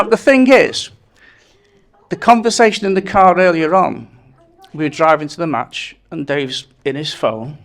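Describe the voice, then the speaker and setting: Speaking in a fairly high, slightly bright voice, a man tells the reception crowd anecdote after anecdote during his wedding speech, laughing at his own punchlines as he goes.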